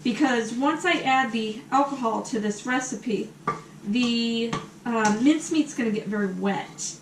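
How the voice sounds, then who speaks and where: A woman's voice: on the high side, unhurried, noisy background. An American woman hosting a casual home cooking demonstration, chatty and full of ums as she talks while she cooks in her kitchen. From USA. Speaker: cooking show host. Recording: echoey kitchen, mic at a distance.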